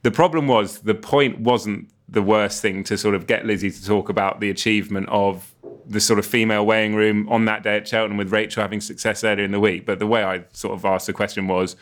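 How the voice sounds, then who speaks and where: A racing presenter with a fairly low voice chats on a podcast. He tells long, meandering stories, pokes fun at himself and breaks into laughter often. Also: fairly even intonation, brisk. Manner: rambling storyteller, laughs often, self-mocking. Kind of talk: casual podcast chat.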